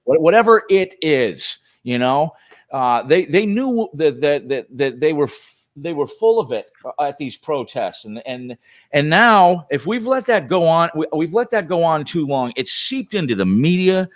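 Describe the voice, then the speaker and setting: A man's voice: fairly high pitch, very animated, moderate pace. A man who is a guest on a talk show, speaking emphatically and with profanity in casual political conversation. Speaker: guest filmmaker.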